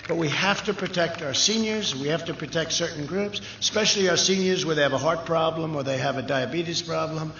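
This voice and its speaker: A man's voice: fairly high pitch, a little fast, few pauses, bright, forceful tone, slight background noise. A man giving an off-the-cuff rally speech, rambling and boastful with digressive asides. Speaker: speaker at a political rally. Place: large rally venue. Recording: echoey lo-fi rally sound system.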